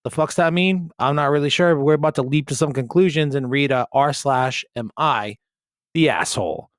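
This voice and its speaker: A man's voice: a little high, normal speed, no room sound, clean studio sound. A man hosting a podcast in casual comedic chat, reading a post aloud with sarcastic, profane asides. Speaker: podcast host.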